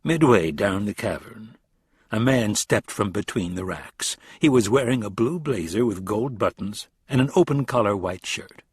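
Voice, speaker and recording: A man reading a thriller audiobook in steady, measured scripted narration. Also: on the low side, slightly rough, no room sound, clean studio sound.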